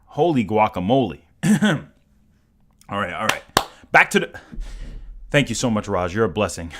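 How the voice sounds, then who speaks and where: Young male streamer, excitable, stammering, swoopy pitch. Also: normal speed, long pauses. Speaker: livestreamer. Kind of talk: live stream reaction chat.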